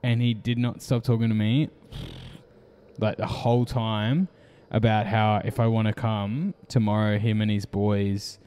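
Lower-voiced Australian man, crude storyteller. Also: measured pace, smooth, in a large hall. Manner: crude, animated anecdotes full of swearing. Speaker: podcast host. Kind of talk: casual chat.

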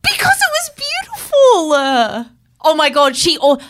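A woman co-hosting a podcast in casual chat, bubbly and expressive. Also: high-pitched, a little slow, background noise. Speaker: podcast co-host.

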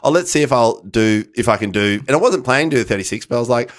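A man's voice: mid-range voice, lively intonation, rapid-fire. A man in his thirties, co-hosting a podcast, talking in a rambling, hesitant way with many restarts. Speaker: podcast co-host. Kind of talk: casual banter.

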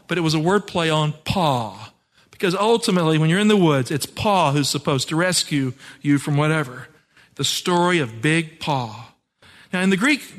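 A man's voice: high-pitched, fairly bright tone, in a large hall. A man preaching an earnest, emphatic sermon as pastor.

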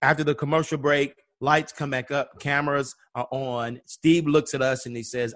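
A man's voice: mid-range voice, little pitch movement, normal speed, few pauses, a bit bright, no echo, studio quality. A man from Atlanta telling a personal story in conversation, acting out the voices of the people he quotes. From Atlanta, USA. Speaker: guest.

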